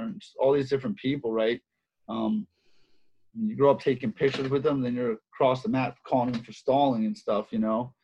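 Male wrestling coach, mid pitch, slightly husky, chatty and animated. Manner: animated, repeats phrases, many fillers. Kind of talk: casual interview storytelling. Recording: dull lo-fi sound.

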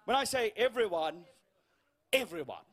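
A man with a high voice preaches in a church, spinning a comic story. He acts out the lines of the people he meets, and the quoted voices drop to a hush. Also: normal speed. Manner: storytelling with humour, acting out dialogue, dropping to a hush for quoted lines. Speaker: guest preacher. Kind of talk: sermon.

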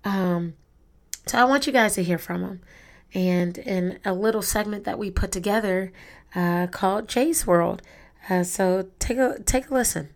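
A woman's voice: medium pitch, unhurried. A woman hosting a podcast, talking in an earnest, conversational way. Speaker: podcast host. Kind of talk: casual podcast talk.

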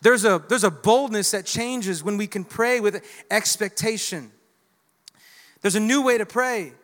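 Unhurried yet emphatic, a male pastor preaches to his congregation and invites the crowd to respond. His voice sits high with a fairly bright tone, and the sanctuary adds long hall reverb.

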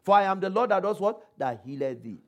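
A male preacher delivering a sermon, quoting scripture, asking the congregation rhetorical questions and calling for responses, slowing and speeding for emphasis. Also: high-pitched, very animated. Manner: varies pace and loudness for emphasis.

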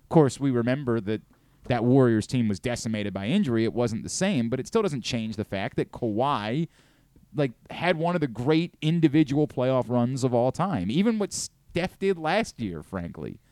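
A middle-aged man talks sports on a radio-style show, his voice leaping up and down with excitement. The sound is close and dry. He is loose, profane and worked up as he rants. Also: mid-range voice, no echo. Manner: animated, profane, rapid swings between excitement and rant. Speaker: sports talk show host. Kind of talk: casual sports radio chat.

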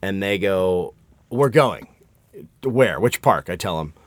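A middle-aged podcast co-host with a low voice tells a story slowly, swearing a lot and acting out quotes with animation. It's casual storytelling chat, and the recording is dry.

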